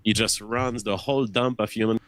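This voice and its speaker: A man's voice: lowish voice, steady tone, brisk, fairly bright tone, no room sound, poor audio. A man in a conversation earnestly explaining his ideas, often repeating words as he thinks. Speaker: interview guest.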